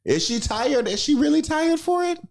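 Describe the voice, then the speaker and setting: Joking man with lively pitch. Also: normal speed, creaky. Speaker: podcast co-host. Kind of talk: casual chat.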